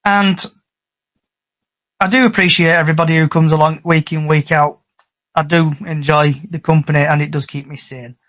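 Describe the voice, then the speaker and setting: A man's voice: on the high side, fairly even intonation, fairly bright tone, muffled recording. A man hosting a casual fan podcast, chatty and upbeat. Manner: chatty, upbeat, fast sign-off. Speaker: podcast host.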